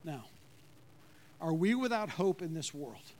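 A man with a fairly high voice preaching a sermon to his congregation. He speaks in a conversational way and keeps asking them questions. When he quotes God, his voice drops low and quiet. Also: big pitch swings, a little slow. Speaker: pastor.

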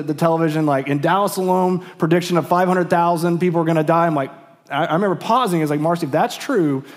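A middle-aged man preaching a sermon as pastor, earnest and repetitive, often restarting his words. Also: on the high side. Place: church sanctuary.

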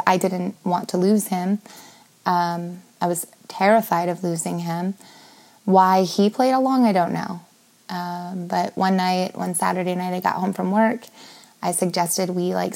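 A woman's voice: lowish voice, creaky, darkish tone. A woman in her thirties telling a personal story in a candid, confessional way, full of fillers and swearing.

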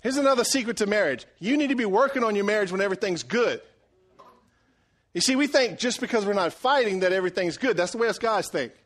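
A middle-aged man preaching a sermon, animated and joking, swinging between loud and hushed delivery. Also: high-pitched, fast talker. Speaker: pastor.

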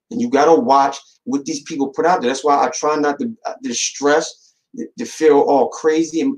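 Animated man with a slightly high voice. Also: poor audio. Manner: animated, repeats words, many fillers and restarts; colloquial street slang. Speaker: podcast host. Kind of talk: casual monologue.

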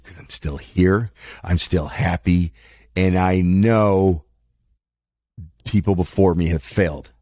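Gravelly low-voiced man, candid and rambling. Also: fairly even intonation, slow, long pauses, dark tone, no room sound, studio quality. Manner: candid, profane, self-deprecating. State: dry mouth. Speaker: podcast host. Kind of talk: rambling personal monologue.

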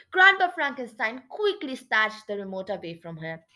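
Lively expressive woman storyteller. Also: fairly high pitch, moderate pace. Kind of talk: children's book read-aloud.

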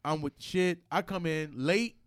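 A man's voice: on the high side, a little slow, clean tone. A man hosting a podcast who tells a story in a blunt, profane way and acts out the other people's lines. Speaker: podcast host. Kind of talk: casual chat, storytelling.

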